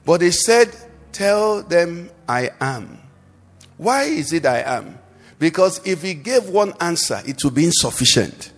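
A man's voice: on the high side, sing-song, moderate pace, slightly rough. A man preaching a sermon as pastor at a church service, asking the congregation questions and leaving them to answer. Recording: long hall reverb.

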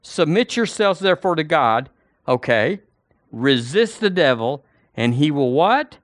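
A man preaching a sermon in an emphatic, animated way, with loud and soft swings. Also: fairly high pitch, measured pace, no echo, clean studio sound.

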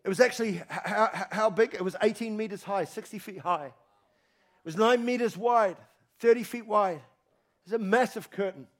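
A man preaching a sermon as pastor, animated and emphatic, repeating phrases for emphasis. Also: high-pitched, moderate pace. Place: church.

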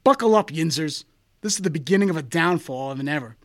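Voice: mid-range voice, expressive, fast talker. Sarcastic fan griping about his team, voice jumps all over the place. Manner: sarcastic, exasperated complaining. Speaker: sports show co-host. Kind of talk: sarcastic fan rant on football.

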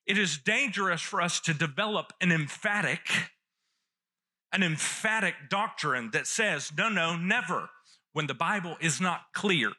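A man's voice: high voice, expressive, unhurried, bright, forceful tone. A man preaching a sermon, teaching earnestly and repeating key phrases for emphasis. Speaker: pastor.

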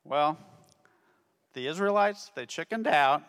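A man's voice: a little high, expressive, takes it slowly, fairly bright tone. A man telling a Bible story to children as a ministry teacher, constantly checking in with "okay?". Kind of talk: Bible story lesson for kids. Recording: long reverb of a hall.

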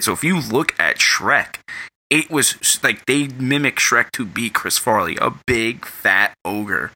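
A man with a very bright, sharp voice talks through a casual podcast chat. He rants bluntly and swears freely, leaning into his points with energy. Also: medium pitch, moderate pace. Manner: blunt, profane ranting. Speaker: podcast co-host.

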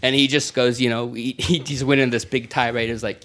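A man's voice: mid-range voice, a little fast, hardly any pauses. A man, a stand-up comedian, telling stories in a casual chat and acting out the people in them. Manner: animated storyteller, acts out quotes.

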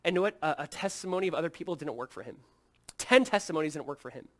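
Earnest pastor preaching, soft to loud. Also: male voice, fairly high pitch, rapid-fire. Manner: earnest, swings from hushed to loud and emphatic; acts out quoted lines in a lively, casual way. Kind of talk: sermon.

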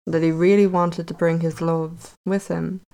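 A woman's voice: fairly low pitch, level tone, a little slow, creaky, dark tone, poor audio. A woman casually retelling a fairy tale aloud, with wry conversational asides. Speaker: storyteller.

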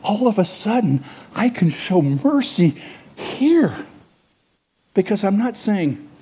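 A man preaching a sermon as pastor, conversational and animated, asking his listeners questions and dropping to hushed asides. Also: sits high, slow, pauses often, breathy edge. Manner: animated, swings between loud and hushed; conversational, asks the congregation questions.

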